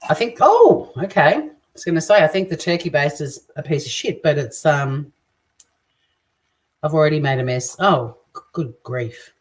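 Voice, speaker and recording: Low-voiced Australian woman chatting while cooking. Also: normal speed, pauses often. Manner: chatty, crude joking, reads out viewer comments. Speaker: cooking stream host. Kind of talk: casual live cooking chat. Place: home kitchen. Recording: distant mic with faint kitchen clatter. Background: clinking dishes and cutlery.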